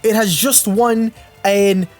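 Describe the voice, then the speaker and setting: A man's voice: high voice, fairly even intonation, slow pace, soft background music, pitched above the performer's own voice. A man putting on a cocky mock-British bloke. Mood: boastful.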